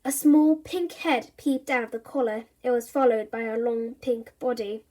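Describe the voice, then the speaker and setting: A woman reading a children's storybook aloud in an expressive, animated narrating voice. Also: a little high, moderate pace, few pauses.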